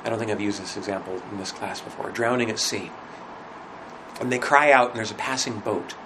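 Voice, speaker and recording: A man teaching a religion class in a conversational lecture, asking rhetorical questions and often pausing with fillers. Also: fairly low pitch, steady tone, noisy background.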